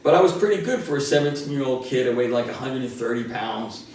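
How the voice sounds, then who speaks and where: A man in his sixties, a martial arts instructor telling a story in an animated, laughing way. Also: medium pitch, quick pace. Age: 60s. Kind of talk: casual storytelling. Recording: roomy, distant from the mic.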